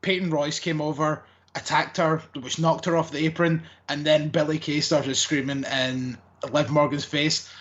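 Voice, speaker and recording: A man's voice: on the high side, fairly even intonation, moderate pace, few pauses, a bit bright, dull audio. A man co-hosting a wrestling podcast, recapping matches in a casual, rambling way with lots of fillers. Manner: rambling, hesitant with many fillers.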